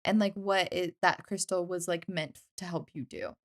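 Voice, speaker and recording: A woman's voice: fairly low pitch, moderate pace. A woman hosting a podcast, asking questions eagerly in casual chat, using lots of "like" fillers. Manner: warm, enthusiastic, lots of "like" fillers. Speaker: podcast host.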